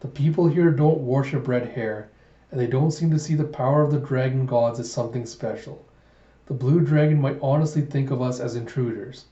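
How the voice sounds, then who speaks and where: A man reading a sharp, practical teenage boy from a manga, blunt and matter-of-fact. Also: medium pitch, normal speed, echoey room, lo-fi sound, close to an everyday voice.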